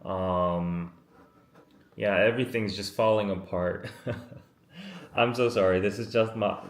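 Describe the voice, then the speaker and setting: A man in his thirties hosting a casual live stream, chatty and apologetic as he reads out viewer comments, worn out after a day in the heat. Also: sits low. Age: 30s. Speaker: live-stream podcast host. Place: makeshift room away from his usual setup. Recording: roomy, echoey room sound.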